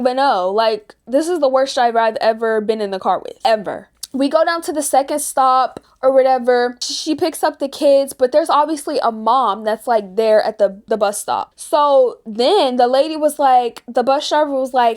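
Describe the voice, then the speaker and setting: A woman's voice: sits high, lively intonation, moderate pace, hardly any pauses. A 16-year-old girl vlogger chatting casually and ranting, with lots of "like". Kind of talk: casual chat.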